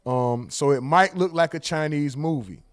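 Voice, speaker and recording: Animated high-voiced man joking on a livestream. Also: moderate pace. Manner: animated joking storyteller, acts out exchanges with loud outbursts. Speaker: livestream host. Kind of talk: casual livestream commentary.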